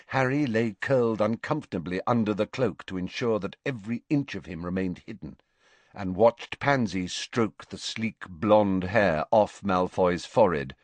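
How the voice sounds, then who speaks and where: A man narrating an audiobook with expressive, animated storytelling. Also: on the low side, dry recording. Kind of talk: scripted narration.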